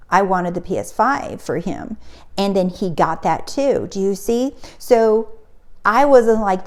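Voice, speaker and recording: A woman's voice: medium pitch, animated, measured pace. A middle-aged woman, a spiritual coach, telling a personal story in a casual motivational talk and acting out the quotes.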